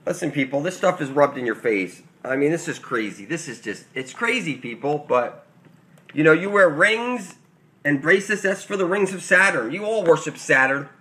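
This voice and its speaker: Man host, raised pitch, emphatic preachy ranter who keeps calling out to his viewers. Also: lively intonation, normal speed. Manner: rambling, swings between loud and muttered. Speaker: channel host. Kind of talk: conspiracy rant to camera.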